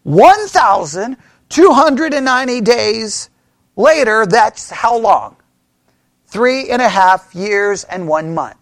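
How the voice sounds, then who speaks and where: A man teaching a church Bible study in an animated way, often checking with the class and acting out the voices of people who disagree. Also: high-pitched, slow pace, dry recording, clean studio sound. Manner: animated, talks to the class with frequent "right?" checks; mimics opponents in mocking quoted voices.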